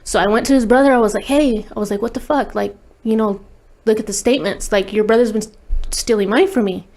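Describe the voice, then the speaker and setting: A woman's voice: a little high, quick pace, a little mellow. A woman guest on an interview show, telling a personal story candidly and bluntly, swearing freely and saying "like" often. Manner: blunt, profane, heavy use of "like". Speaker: guest recording artist.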